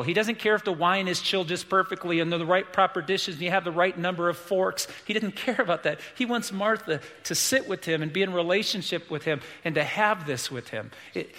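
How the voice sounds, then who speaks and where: Bright-voiced preacher man in a reverberant hall. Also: high voice. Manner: earnest, emphatic preaching with repetition. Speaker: pastor. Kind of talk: sermon. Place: church sanctuary.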